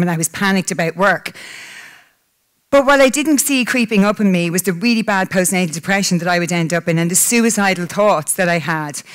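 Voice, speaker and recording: With a clear, resonant, somewhat bright voice of medium pitch, an Irish woman in her 30s delivers a heartfelt talk to a conference hall audience. She speaks openly and emotionally, sounding close to tears while also breaking into laughter.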